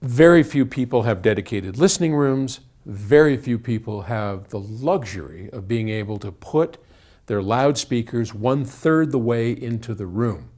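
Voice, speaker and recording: A man explains things casually in an indoor room, speaking at an ordinary middle pitch. His talk is conversational and loose, full of restarts and repeated words. A single room microphone picks him up. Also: expressive, moderate pace, darkish tone. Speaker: audio company head answering viewer questions. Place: indoor room, moving toward and away from a wall.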